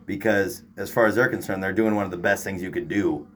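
A man's voice: deep voice, fairly even intonation, fairly quick, fairly bright tone, slight background noise. A man co-hosting a podcast, talking in loose, crude, joking banter. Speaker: podcast co-host.

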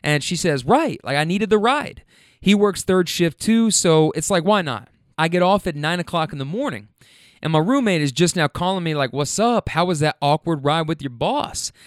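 Lively high-pitched man retelling a story. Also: normal speed, no room sound, clean studio sound. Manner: animated, quoting others in shifting voices. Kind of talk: casual anecdote retelling.

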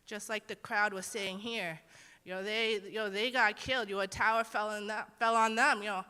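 A woman's voice: medium pitch, fairly even intonation, normal speed, bright, forceful tone, clean tone. A young woman teaching a Bible lesson in a casual, earnest way, acting out the quotes she tells. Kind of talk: conversational sermon. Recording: long hall reverb.

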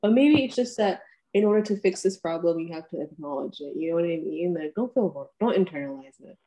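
Woman interviewer, relaxed, encouraging, soft warm tone. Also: lowish voice, brisk. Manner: relaxed, encouraging, laughs often. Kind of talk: casual interview chat.

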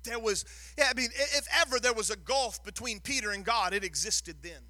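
A man's voice: sits high, brisk, pushed and bright, dry recording. A man preaching a sermon, telling the story with drama and rising to a sing-song, emphatic delivery, often repeating words as he builds. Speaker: pastor.

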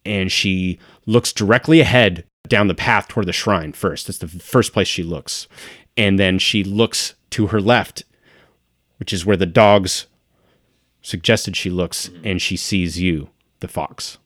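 A man with a fairly low voice narrates a tabletop game as game master. He describes each scene and quiets down for the dramatic moments, and the recording is dry and close. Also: measured pace, no room sound.

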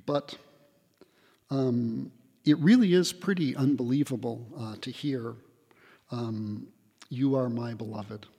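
A man giving a spiritual retreat talk in a hall, reflective and gently humorous, pausing often with fillers. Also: medium pitch, vocal fry, slightly rough. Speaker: retreat speaker.

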